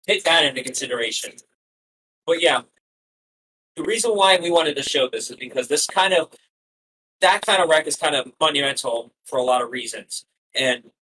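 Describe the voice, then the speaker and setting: A man's voice: on the high side, pushed and bright, slight background noise, poor audio. A man in his twenties co-hosting a casual motorsport podcast, talking earnestly and conversationally. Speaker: podcast co-host.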